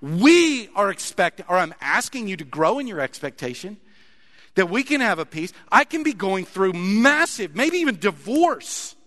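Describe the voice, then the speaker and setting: Male pastor, high bright voice, emphatic sermon delivery, reverberant sanctuary. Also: very animated. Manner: emphatic preaching with dramatic pauses, rising to loud passionate peaks.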